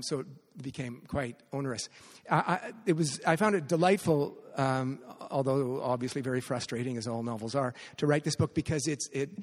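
Canadian male novelist, mid-pitch, halting delivery full of restarts, live reading in a hall with a long echo. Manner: hesitant, many restarts and fillers. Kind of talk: live author talk at a literary event. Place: venue at a literary festival.

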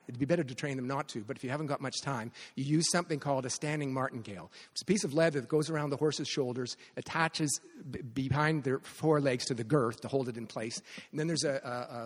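In a big room at a literary festival, a Canadian novelist talks live about his work. His medium-pitched voice stumbles through many restarts and fillers.

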